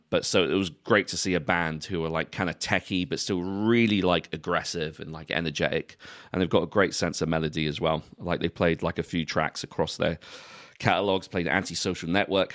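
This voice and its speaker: Deep-voiced young british guy on a podcast, rambling, swears a lot, laughs at his own jokes. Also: fairly bright tone. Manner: swears freely, laughs often, rambling asides. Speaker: podcast co-host. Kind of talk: casual podcast chat.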